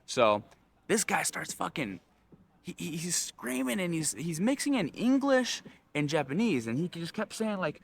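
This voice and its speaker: Animated young man telling a story. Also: normal speed, vocal fry. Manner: animated, acts out screaming with loud high yells. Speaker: vlogger. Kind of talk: casual storytelling to camera.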